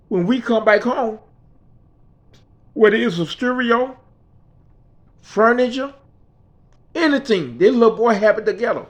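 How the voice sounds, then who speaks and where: High-voiced man telling a story. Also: muffled recording. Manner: conversational, repetitive, checks in with "right?". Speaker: speaker. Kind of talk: personal storytelling talk.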